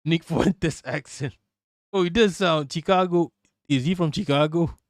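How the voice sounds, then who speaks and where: A man chatting on a live reaction stream, loose, profane and quick to laugh. His voice sits slightly high. The sound is dry and close-miked. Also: dry recording.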